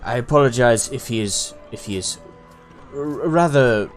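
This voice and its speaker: A man's voice: mid-range voice, moderate pace, soft background music, lightly acted. A man voicing a flustered elderly wizard father, out of breath and fumbling for words.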